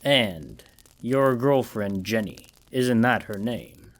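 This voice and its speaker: A sinister villain in a suit speaks in a low, dark-edged English accent, as a male narrator puts him on. He drawls slowly and mockingly, savoring every threat. His delivery is measured, cold and menacing. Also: animated.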